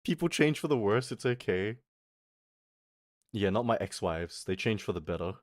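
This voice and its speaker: A male streamer talks in a fairly low voice, trading crude, self-mocking jokes with his chat and laughing often. The sound is dry, with no room echo. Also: animated, moderate pace. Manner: chats back to viewers' comments. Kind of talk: casual live-stream chat.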